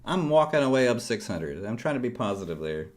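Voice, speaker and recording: A middle-aged futures trader livestreams to his viewers, chatting casually in a rambling, jokey way and poking fun at himself. His voice sits in the mid-range, very animated and a little fast.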